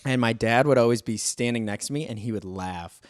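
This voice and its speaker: A man's voice: medium pitch, a little fast, no room sound, clean studio sound. Casual young man telling a story. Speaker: podcast co-host. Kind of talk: casual chat.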